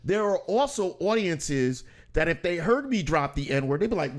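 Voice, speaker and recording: Guy hosting a podcast, kinda high voice, chatty and animated, does little voices for his stories. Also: normal speed. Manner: animated, acts out quoted voices, laughs often. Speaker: podcast host. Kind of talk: casual conversational storytelling.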